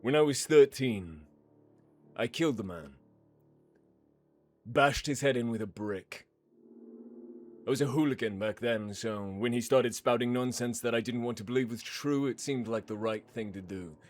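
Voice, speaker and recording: A man voicing a large, cold-blooded man who speaks in a flat, measured, unrepentant way. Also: mid-range voice, faint music behind, lightly acted. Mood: cold, calm.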